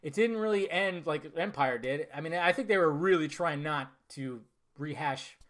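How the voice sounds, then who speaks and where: A man's voice: fairly high pitch, normal speed, a bit bright. A man giving a casual, enthusiastic spoken movie review, rambling with fillers and restarts. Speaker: film reviewer.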